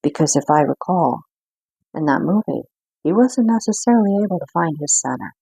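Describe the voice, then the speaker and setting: A woman with a low, gravelly, husky voice gives an intuitive card reading. She speaks earnestly and reflectively, pausing often to gather her thoughts. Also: animated, dark tone, no room sound. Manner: earnest, reflective, with frequent pauses. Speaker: spiritual card reader.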